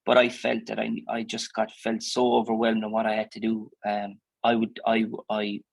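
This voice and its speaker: A man's voice: fairly low pitch, monotone, normal speed, gravelly, no room sound, low-quality recording. A man with an Irish accent, a dairy farmer answering interview questions in a chatty, plainspoken way, full of fillers and restarts. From Ireland.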